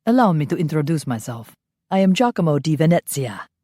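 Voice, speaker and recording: A woman reads as a charming male vampire, heaping gallant praise in a low voice. The audiobook read is close and dry, with no room around it. He is effusive and unhurried. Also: big pitch swings, mellow, no echo. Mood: flirtatious.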